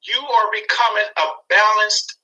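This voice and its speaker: A man in his forties chatting on a talk show, telling stories in an animated way and acting out his own reactions. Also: sits high, unhurried, highs cut off. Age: 40s. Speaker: guest speaker. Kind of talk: casual talk show chat.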